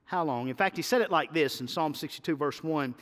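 A middle-aged man preaches to his church, his voice pitched high as he repeats and presses his points with rising emphasis. The sound carries a long reverb, as from a large sanctuary. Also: fairly quick, a bit bright. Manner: preaching with swells of emphasis and repetition. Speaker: pastor. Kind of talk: sermon.

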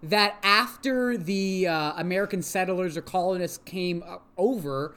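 A podcast co-host recapping a TV episode in casual chat, animated and rambling, swearing freely. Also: medium pitch, unhurried, smooth.

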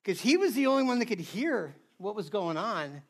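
A man's voice: high-pitched, very animated, moderate pace. A man preaching a casual, conversational sermon, chatty and always asking his listeners "right?". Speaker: pastor.

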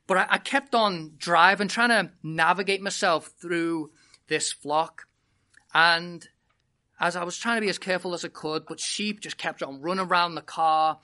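A British-accented preacher delivers a sermon to a congregation, leading with a lively, humorous story. The voice is bright and crisp, with plenty of energy in the telling. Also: mid-range voice. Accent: British English. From Britain. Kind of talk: sermon with an opening personal story.

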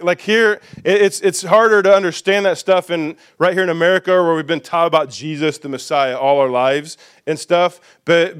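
Man preaching, high voice, smooth and resonant, emphatic, repeats himself, asks the congregation questions, church sanctuary. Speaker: pastor. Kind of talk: sermon.

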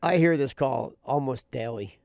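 A man's voice: mid-range voice, moderate pace, vocal fry, a little mellow. A man hosting a talk radio show, arguing his points in an insistent, argumentative way.

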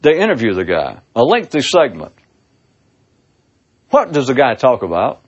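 Husky man musing aloud, lively and sarcastic, with a theatrical delivery; dull lo-fi audio. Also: mid-range voice, moderate pace. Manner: sarcastic, theatrical, swooping emphasis. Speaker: speaker giving a monologue. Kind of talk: casual philosophical monologue.

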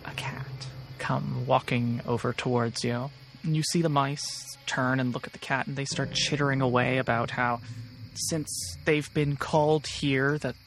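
A man running a tabletop game as game master, narrating scenes in a relaxed way. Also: medium pitch, creaky, slight background noise.

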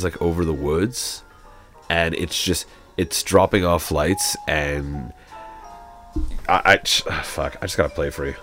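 A man co-hosting a podcast in casual chat, relaxed and hesitant, trailing off mid-thought. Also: low voice. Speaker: podcast co-host.

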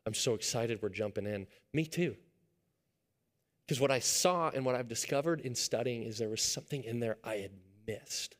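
A male pastor in his thirties delivers a sermon with a storyteller's touch. He sinks to quiet, earnest lines, then climbs into animated, louder passages when recounting everyday moments. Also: medium pitch, normal speed. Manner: storytelling, swings from hushed to loud and excited.

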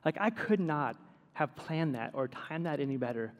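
Animated pastor with a high-ish voice. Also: male voice, moderate pace, lo-fi sound. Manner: animated storytelling with self-deprecating humor. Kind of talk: sermon. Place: church sanctuary. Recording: long hall reverb.

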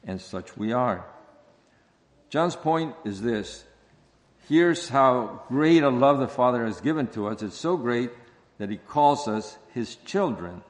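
A man preaching an expository sermon, speaking slowly and deliberately and repeating key phrases for emphasis. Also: mid-range voice, animated. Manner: slow, deliberate preaching with stressed repetitions. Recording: long hall reverb.

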